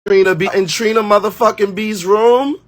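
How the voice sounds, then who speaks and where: High-voiced man spilling gossip. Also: normal speed. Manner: animated, gossipy, cursing. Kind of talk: gossiping livestream chat.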